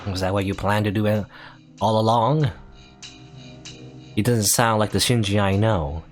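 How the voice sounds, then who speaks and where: A man's voice: lowish voice, moderate pace, pauses often. A man hosting a let's play, reading the game's text aloud and adding dry, sarcastic comments between lines. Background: faint game music.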